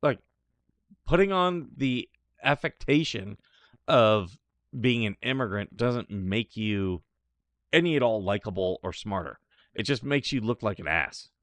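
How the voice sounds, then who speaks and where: A man's voice: lowish voice, lively intonation, unhurried, a bit bright, no echo. A man hosting a live talk show, reacting to clips with scoffing, sarcastic remarks. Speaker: show host. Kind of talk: casual live commentary.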